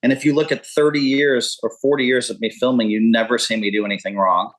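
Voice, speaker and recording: A poker pro in his fifties talks as a podcast guest in casual interview fashion, rambling and candid, with frequent profanity. He has a mid-range voice, speaks fast with fairly even intonation, and the audio quality is poor.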